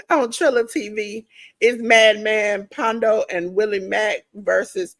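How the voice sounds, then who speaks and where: A woman hosting a casual wrestling podcast, her voice going hoarse, chatting straight to her listeners. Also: medium pitch, takes it slowly, dry recording. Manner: chatty, addresses listeners directly as ladies and gentlemen. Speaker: podcast host. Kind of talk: casual wrestling preview chat.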